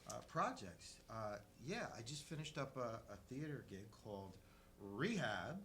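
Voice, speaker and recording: A man's voice: mid-range voice, big pitch swings, unhurried, a bit bright, a little hiss or hum. A man guest on a talk show, an actor joking and mocking himself as he answers questions. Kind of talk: casual comedic interview.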